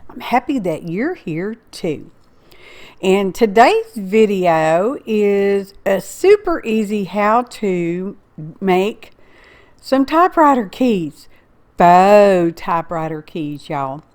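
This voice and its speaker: A woman with a drawl who talks at an unhurried, easy pace. She hosts a homey crafting tutorial in a chatty, folksy way, speaking straight to her viewers and calling them "y'all". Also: medium pitch. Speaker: craft channel host.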